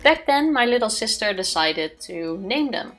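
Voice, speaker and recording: A woman's voice: mid-range voice, very animated, normal speed, loud music behind the voice. A woman co-hosting a let's play, chatting casually and cheerfully, telling stories and laughing easily. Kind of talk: casual chat over gameplay.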